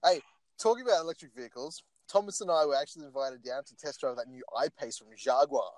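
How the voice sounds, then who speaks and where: A man's voice: fairly high pitch, fast, no echo. A young man co-hosting a car podcast, joking and mocking in casual chat. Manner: jokey, animated, mocking asides. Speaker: podcast co-host.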